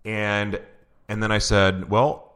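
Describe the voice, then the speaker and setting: A man's voice: low voice, moderate pace, a bit bright. A man who is a guest on an interview show, telling a personal story in an earnest way, with many restarts. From Oklahoma.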